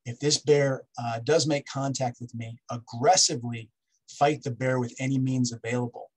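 Husky-voiced man giving a safety lecture. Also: mid-range voice, steady tone, normal speed, rough recording. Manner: instructive, repeats key steps, asks "okay?". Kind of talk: public lecture with slides.

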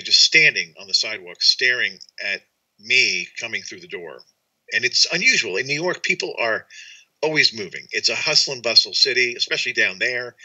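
A priest, guest in an interview, telling a story in an animated way and acting out what others said. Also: male voice, fairly low pitch. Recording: muffled lo-fi audio.

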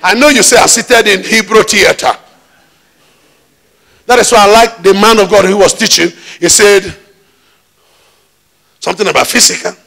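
A man's voice: high-pitched, brisk, creaky, long pauses, fairly bright tone. A man preaching a sermon in a church, emphatic, with call-and-response questions. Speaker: pastor.

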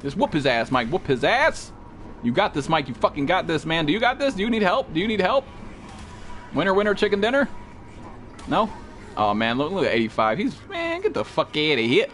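Excitable, cursing young male game streamer. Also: a little high, fairly quick, slight background noise. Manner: excitable, profane, yelps and shouts at enemies. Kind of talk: live gaming commentary. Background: game music.

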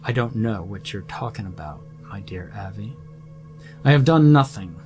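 A man's voice: fairly low pitch, lively intonation, normal speed, a little mellow, faint music behind, close to an everyday voice. A man playing a smug, scheming middle-aged doctor who talks sarcastically and condescendingly. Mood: sarcastic.

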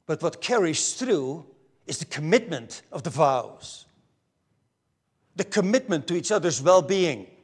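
Slow, earnest preacher man. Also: on the high side, very animated, breathy edge. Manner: earnest, swings from raised emphasis to hushed near-whispers. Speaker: pastor. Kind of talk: sermon. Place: church pulpit.

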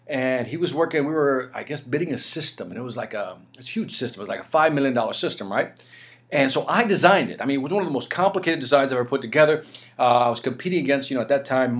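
Brief: man in his forties, radio interview guest, energetic storyteller, voice swings up and down a lot. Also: medium pitch. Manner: animated, energetic storyteller peppering "right?" and "you know". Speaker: interview guest, sales speaker.

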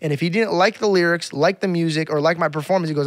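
A young man, a podcast guest, telling lively stories from his childhood in casual chat, swearing often and calling people "bro". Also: on the high side, fast, no room sound, studio quality. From grew up in Arizona. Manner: animated, swears a lot, says "bro".

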